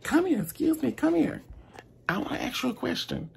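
A vlogger voicing a hostile woman customer who is demanding and shrill and keeps repeating herself. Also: sing-song, brisk, creaky, slight background noise, full character voice. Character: loud hostile adult woman restaurant customer.

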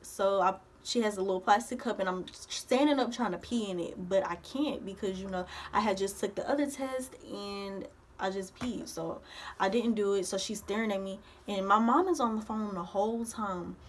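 A young woman vlogger, telling a personal story in a casual, animated way and acting out the voices of the people in it. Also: medium pitch, moderate pace, slight background noise. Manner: animated retelling, acts out others' voices.

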